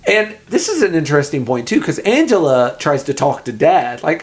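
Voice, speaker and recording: Man, podcast co-host, casual movie chat, slightly high voice, animated retelling. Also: moderate pace, hardly any pauses.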